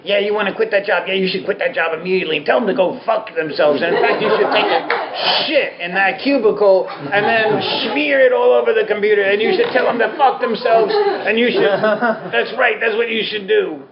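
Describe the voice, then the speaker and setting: A man voicing a brash, reckless friend who gleefully eggs someone on, crude and hurried. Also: high voice, crowd noise, voice pushed up. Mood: egging on. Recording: roomy, slightly dull talk recording.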